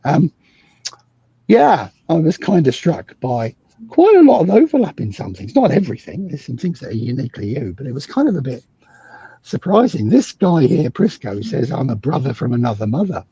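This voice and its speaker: British guy, husky and mellow, wry and cynical, kinda lo-fi dry audio. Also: medium pitch, sing-song, normal speed, no room sound. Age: middle-aged. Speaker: guest expert. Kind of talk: casual video call conversation.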